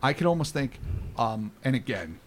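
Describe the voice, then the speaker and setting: A man's voice: medium pitch, sing-song, moderate pace, slight background noise. A man co-hosting a casual podcast, walking through the case at length and swearing freely. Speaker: podcast co-host presenting the case.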